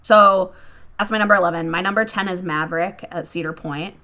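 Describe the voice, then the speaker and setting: A woman's voice: fairly low pitch, fairly quick, pushed and bright, muffled recording. A young woman chatting as a podcast guest, enthusiastic and swearing freely. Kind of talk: casual chat.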